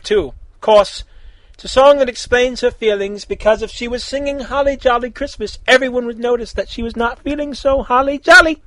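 A man's voice: high voice, a bit bright, no echo, rough recording. A man reading fan fiction aloud, with casual, chatty asides.

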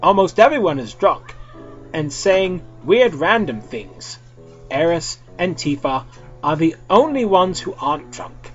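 A young man reads a silly story aloud in a playful, dramatic way. His voice sits a little high and swings widely in pitch. The recording is dull and lo-fi, with faint music underneath. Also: unhurried. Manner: switches between character voices, lively and playful. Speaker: reader of fan fiction.

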